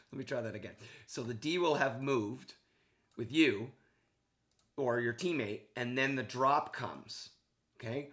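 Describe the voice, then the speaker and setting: A male hockey coach talks through game film in an easy, excited voice-over. He keeps it casual and checks in often with "okay" and "right". His pitch sits in an ordinary middle range. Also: measured pace. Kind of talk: video game analysis for a player.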